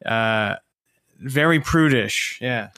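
A man co-hosting a casual talk podcast, adding quick jokey remarks to the conversation. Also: mid-range voice, sharp tone, clean tone. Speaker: podcast co-host. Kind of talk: casual chat.

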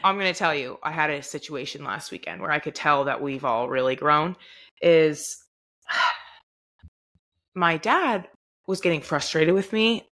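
A young woman with a bright, forceful voice that sits a little low, co-hosting a casual podcast chat. She tells stories with animation and acts out the lines other people said. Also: unhurried. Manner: animated storytelling, acts out quoted dialogue. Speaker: podcast co-host.

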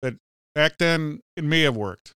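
A man with a smooth, clear voice trading lively movie opinions, loose and full of "you know". The sound is dry and close, with no room in it. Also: fairly high pitch, a little slow, no echo. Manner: animated, peppers talk with "you know". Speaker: podcast co-host. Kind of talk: casual movie chat.

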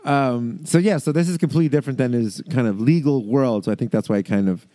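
A man's voice: medium pitch, fast, dark tone, no echo. Laid-back rambling man. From American South. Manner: laughing, rambling, reads excerpts aloud. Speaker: podcast co-host. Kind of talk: casual chat.

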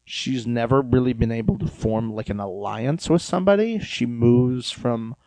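A man's voice: mid-range voice, normal speed, mellow, no echo, low-quality recording. A man co-hosting a casual podcast, chatty and gossipy, often acting out what others say. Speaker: podcast co-host. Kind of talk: casual chat about reality TV.

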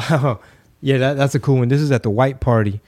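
A man from Texas hosting a podcast, telling stories in a casual, slangy and animated way. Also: mid-range voice, a little fast. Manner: animated, slangy, acts out quoted voices. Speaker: podcast host and rapper. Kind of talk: casual storytelling.

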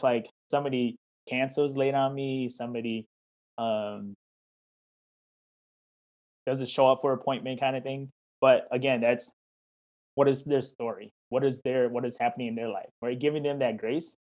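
Brief Male life coach, mid-pitched, friendly and encouraging, chatty, heard over a video call. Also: fairly even intonation, normal speed. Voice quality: warm, encouraging, talks in questions and quoted dialogue. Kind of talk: interview answers, casual chat.

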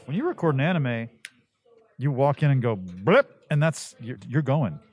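A man, a voice actor, chatting casually in an interview, loose and animated, with many restarts. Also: mid-range voice, moderate pace, husky. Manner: animated, laid-back, rambling with restarts. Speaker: voice actor guest.

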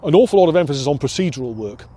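A man's voice: fairly high pitch, lively intonation, racing, dark tone. An older British man, a former pilot instructor, reminiscing in an oral history interview with frequent hesitations and restarts. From United Kingdom. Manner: reflective, many restarts and hesitations.

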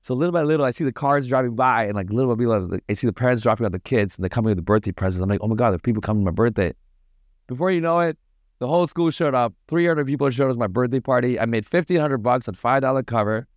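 This is a man who talks quickly and keeps his stories moving, slangy and animated. His voice sits at an average pitch, and the recording is dry and close with no room sound. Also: no echo. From Toronto, Canada. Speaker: podcast guest, party promoter. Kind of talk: casual storytelling.

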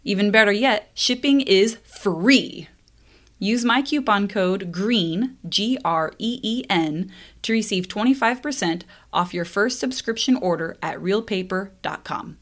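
Hoarse chatty woman podcast host. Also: mid-range voice, a little slow, fairly bright tone. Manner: chatty, laughs often while telling stories. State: hoarse from a cold, scratchy throat. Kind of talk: casual podcast monologue.

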